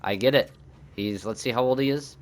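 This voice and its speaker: A man's voice: mid-range voice, a little fast. Frustrated young man commenting on gameplay. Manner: frustrated, swearing, thinking aloud. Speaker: gaming YouTuber. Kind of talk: game commentary.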